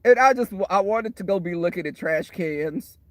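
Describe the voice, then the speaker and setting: High-voiced man chatting to a livestream. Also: moderate pace, no room sound. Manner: animated storytelling, laughs often, talks to the chat. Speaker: livestream host. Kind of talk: casual livestream chat. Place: waiting for a shuttle, outdoors or in transit.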